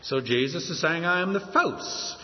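Animated preacher man in a reverberant hall. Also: on the high side, moderate pace, lo-fi sound. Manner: emphatic, quotes scripture with rising stress. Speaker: pastor. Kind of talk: sermon.

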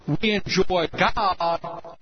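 A male preacher giving a radio sermon, emphatic and earnest, often dropping to a soft, tender hush, on a lo-fi broadcast recording with hiss. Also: sits high, drawn-out words.

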